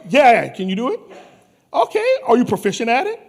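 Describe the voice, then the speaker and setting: A lively man hosts a conference from the stage. His voice sits high and swings widely as he ribs the crowd with quick, teasing jokes. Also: gravelly. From New Orleans. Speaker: conference host. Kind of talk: playful stage banter with audience.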